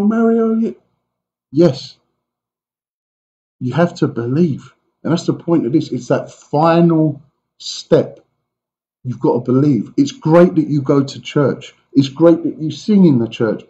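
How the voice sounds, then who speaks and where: A pastor gives a conversational sermon to his congregation, his voice warm and mellow. He speaks with animated asides to the people in front of him. The church recording sounds muffled and lo-fi. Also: fairly high pitch.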